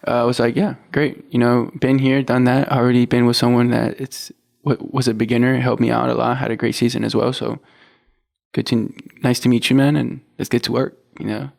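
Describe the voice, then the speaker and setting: A man's voice: mid-range voice, a little fast, gravelly. A young man on a podcast, a college athlete who tells his story casually and acts out what he and others said. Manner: relaxed, quotes himself and others in a storytelling way. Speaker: athlete guest.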